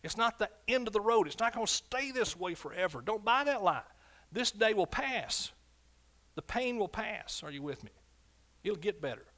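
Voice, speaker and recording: A man's voice: animated, moderate pace. Fervent preacher man. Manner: fervent, swings from loud shouts to low asides. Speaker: pastor. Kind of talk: sermon.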